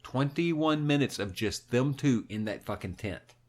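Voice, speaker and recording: A man's voice: mid-range voice, a little slow. A man co-hosting a podcast, telling a movie plot in casual, heavily profane chat. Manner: animated, heavy swearing, recounts a film plot. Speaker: podcast co-host.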